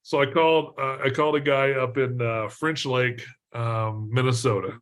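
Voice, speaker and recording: A middle-aged man from Texas, a podcast guest telling a story in a lively way, laughing often and using lots of fillers. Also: medium pitch, moderate pace. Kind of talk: storytelling in an interview.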